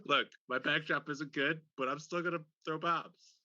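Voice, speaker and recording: A man's voice: a little high, fairly even intonation, moderate pace, sharp tone, no room sound, muffled recording. A man hosting a casual podcast over a video call, teasing his guests and laughing often. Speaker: podcast host. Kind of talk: casual chat. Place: home room, remote video call.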